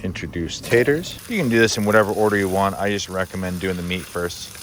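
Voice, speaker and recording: A man's voice: sits low, brisk, noisy background. A man hosting a cooking vlog from an outdoor kitchen, talking in a laid-back, offhand, wry way as he cooks. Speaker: cooking channel host. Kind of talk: casual cooking vlog talk.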